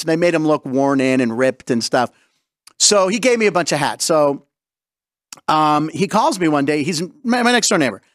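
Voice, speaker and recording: A male radio host with a high voice that leaps all over its range, spinning stories and acting out the lines of the people in them. The studio sound is dry and close, with no room around him. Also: no room sound. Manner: animated storyteller acting out quotes. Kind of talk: radio sports and comedy talk.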